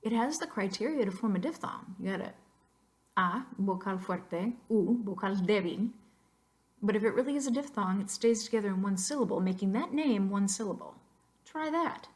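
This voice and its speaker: A woman's voice: medium pitch, expressive, normal speed. A woman teacher narrating a slideshow lesson in a playful, emphatic way, moving back and forth between English and Spanish. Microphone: voice-over on a computer mic.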